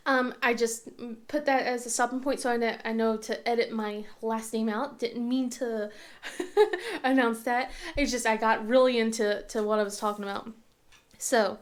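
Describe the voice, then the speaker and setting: A woman in her thirties chatting casually as a crafting channel host, rambling and halting with lots of fillers and restarts. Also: on the high side. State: tearful at times. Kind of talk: casual chat.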